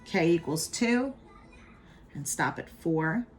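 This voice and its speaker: A woman's voice: low-pitched, expressive, slow pace, faint music behind. A middle-aged woman giving a chatty, playful math lesson from home, talking through each step. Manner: chatty and playful, with hype catchphrases. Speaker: math teacher. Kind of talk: casual video math lesson.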